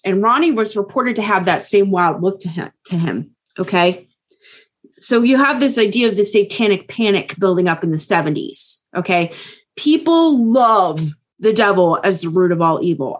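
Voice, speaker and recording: Woman co-host, casual true crime storyteller, frequent check-ins. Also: medium pitch. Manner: casual, keeps checking in with okay. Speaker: podcast co-host.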